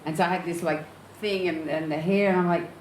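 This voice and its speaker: An Australian actress tells her stories with lively energy and frequent laughter. Her voice sits a little low. It carries through a reverberant room with a faint hum of background noise. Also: brisk. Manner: lively, laughs often while telling anecdotes. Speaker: actor and director, interview guest. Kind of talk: candid storytelling in an onstage conversation.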